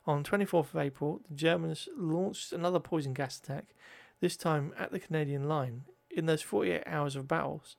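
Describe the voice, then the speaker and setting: A man's voice: a little high, moderate pace, gravelly, few pauses. A man reading history notes aloud, often stumbling over words, correcting himself and adding joking asides.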